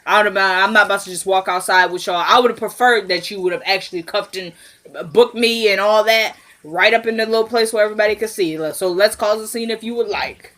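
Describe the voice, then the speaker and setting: A young woman recapping a TV episode in a casual, excitable vlog, full of slang and laughter. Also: medium pitch, brisk.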